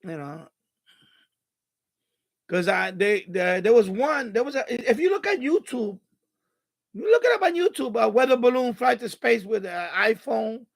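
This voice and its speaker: A man's voice: extremely high pitch, lively intonation, measured pace, creaky, pauses often. A man live-streaming about radio, ranting in an exasperated way and swearing freely at a desk mic.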